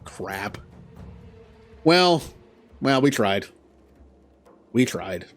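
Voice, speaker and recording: A man giving casual gameplay commentary. He talks to the characters on screen and yelps loudly at setbacks. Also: medium pitch, sing-song, extremely slow, soft background music. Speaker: gaming channel host.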